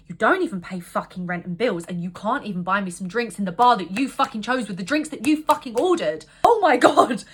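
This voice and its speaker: A woman's voice: mid-range voice, lively intonation, fast talker, few pauses, breathy edge. A woman telling a bad-date story to camera in a casual vlog, exasperated and swearing a lot. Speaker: vlogger.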